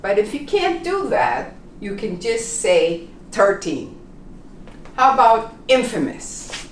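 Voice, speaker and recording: A woman teaching English pronunciation, repeating words slowly and carefully for learners. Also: a little high, big pitch swings, far from the mic, slight background noise. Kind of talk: pronunciation lesson. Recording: roomy echo, voice a bit off-mic, faint ambience.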